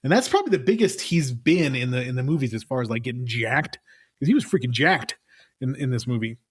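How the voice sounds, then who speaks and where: A man's voice: mid-range voice, animated, brisk, husky. A man co-hosting a podcast in casual chat, rambling and laughing easily. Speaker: podcast co-host.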